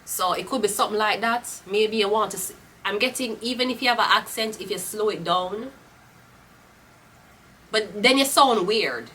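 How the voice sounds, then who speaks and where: Blunt Jamaican woman with a bright, sharp voice. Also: medium pitch, moderate pace, a little hiss or hum. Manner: blunt, profane, slipping into patois. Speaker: tarot reader. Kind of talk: casual tarot reading to camera. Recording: voice a bit off-mic.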